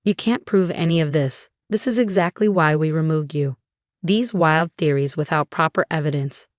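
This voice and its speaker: A woman's voice: deep voice, normal speed, dry recording, clean studio sound, close to an everyday voice. Woman reading as a scornful jealous stepsister. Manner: dismissive.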